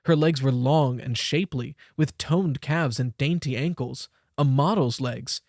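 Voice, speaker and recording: A young man narrating an audiobook in a measured, expressive storytelling voice. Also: medium pitch, creaky, dry recording, studio quality. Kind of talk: scripted narration.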